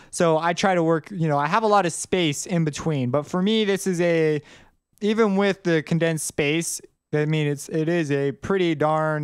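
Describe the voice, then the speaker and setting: A man's voice: fairly high pitch, clear, resonant tone, dry recording, studio quality. A man producer talking casually through a tutorial, rambling and correcting himself as he goes. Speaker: music producer teaching track production.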